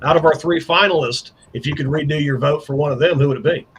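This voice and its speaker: A man hosting a panel show, animated and building suspense before announcements. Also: on the high side, fast, a little hiss or hum. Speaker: show host.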